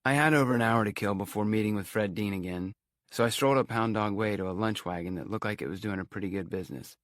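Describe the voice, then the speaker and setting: A man's voice: fairly low pitch, fast, no room sound, studio quality. A man narrating an audiobook in a wry, conversational storytelling manner.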